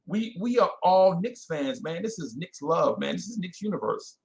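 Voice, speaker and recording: Animated New man hosting fans. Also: high-pitched, moderate pace, creaky. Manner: animated, self-correcting, talks to chat by name. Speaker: podcast host. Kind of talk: casual live-stream chat with fans.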